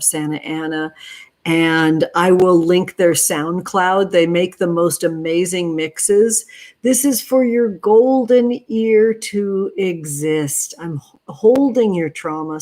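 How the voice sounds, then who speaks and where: Woman tarot livestream host, slow unhurried delivery, doting and tender, outdoors in a backyard. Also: on the low side, darkish tone. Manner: tender, doting, calls viewers honey and sweetheart. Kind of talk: affectionate livestream chat.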